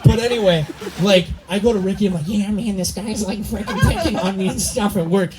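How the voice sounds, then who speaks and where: A man's voice: sits high, expressive, brisk. A young man giving a rambling, joking wedding toast for his brother, slightly tipsy and laughing often as he talks into a handheld mic. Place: wedding reception party. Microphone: handheld microphone. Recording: noisy party crowd. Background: crowd chatter and laughter.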